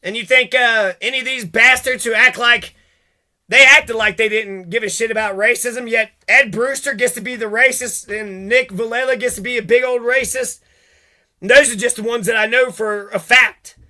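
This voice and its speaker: A man's voice: extremely high pitch, fairly even intonation, normal speed, bright, forceful tone. A man delivering a heated, profane rant, cursing and jumping from one grievance to the next.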